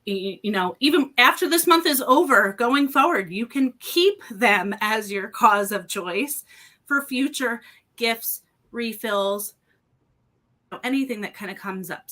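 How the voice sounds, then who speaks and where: A woman's voice: medium pitch, sharp tone. A woman presenting on a casual live podcast over a video call, chatty and upbeat with lots of ums, sounding a little out of breath. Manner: chatty, upbeat, many ums and you-knows. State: slightly out of breath. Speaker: wine seller and fundraiser co-host.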